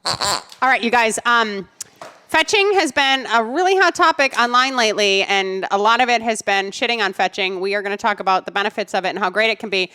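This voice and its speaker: Bright, chatty woman podcast host. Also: a little high, fairly quick, clear, resonant tone. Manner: bubbly, chatty, laughs often. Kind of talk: casual chat.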